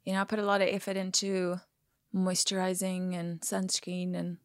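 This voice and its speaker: A woman's voice: lowish voice, little pitch movement, moderate pace, dry recording, studio quality. A woman in her forties from South Africa, with an American accent that slips toward South African, chatting as a podcast guest and laughing often. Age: 40s. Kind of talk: casual chat.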